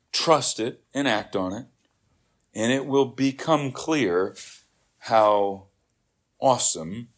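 Conversational male preacher giving a sermon. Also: fairly low pitch. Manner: conversational, frequent "right?" checks, restarts.

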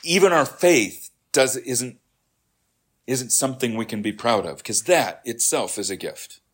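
A male preacher delivering a sermon at a medium pitch. He talks it through conversationally, restarting phrases and checking in with his congregation as he explains. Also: animated, a little slow, a bit bright.

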